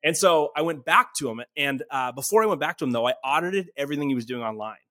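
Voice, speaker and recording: A man in his twenties, from a small town in Canada, talking as a podcast guest. He tells his story in a lively, casual way and acts out the dialogue he quotes. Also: on the high side, fast talker, dry recording. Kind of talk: animated storytelling in conversation.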